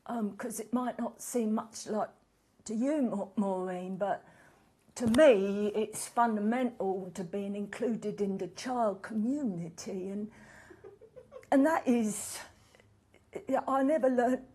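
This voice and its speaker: A woman's voice: medium pitch, slow pace, mellow, husky. A woman playing an earnest, self-pitying middle-aged activist, rambling and dramatizing her own story in a one-woman comedy show. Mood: tearful, confiding. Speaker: guest in a comedy sketch.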